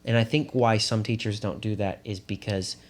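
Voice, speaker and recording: A man who is a drama teacher, co-hosting a podcast and telling lively stories in casual chat. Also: lowish voice. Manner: animated storyteller, quick asides.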